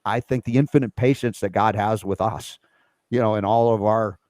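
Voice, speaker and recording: A man hosting a casual spiritual conversation, earnest and reflective, sometimes jumping up in pitch as he gets animated. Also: moderate pace, no echo. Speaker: host.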